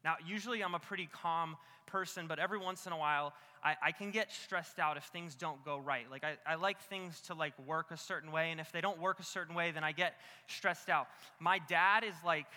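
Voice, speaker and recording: A young man preaching a sermon with comic stories, animated and self-mocking, full of casual fillers. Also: on the high side, brisk. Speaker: pastor. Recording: long hall reverb.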